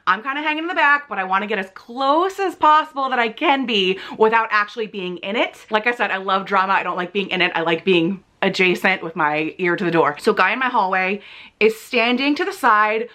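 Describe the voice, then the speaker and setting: A woman's voice: mid-range voice, a little fast, sharp tone. A young woman vlogger telling a gossipy story in a casual, chatty way, acting out what people said.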